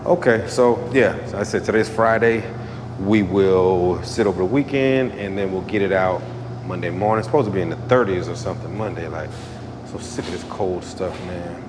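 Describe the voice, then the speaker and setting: Deep-voiced laid-back man in a paint shop. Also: moderate pace, background noise. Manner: laid-back, repeats phrases, peppers talk with "man". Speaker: automotive painter. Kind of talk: casual shop vlog.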